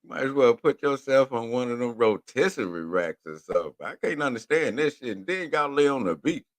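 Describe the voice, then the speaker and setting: Guy from houston ranting on his radio show, cussing a lot, voice jumping all over the place. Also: medium pitch. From Houston, Texas. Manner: profane, animated, rambling with drawn-out words. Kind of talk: casual monologue rant.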